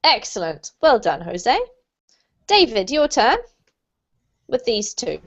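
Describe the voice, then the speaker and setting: A woman's voice: fairly high pitch, big pitch swings, slow pace, highs cut off. A woman with a British accent teaching English pronunciation to a small online class, encouraging and patient in her explanations. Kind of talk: online group lesson. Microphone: video call.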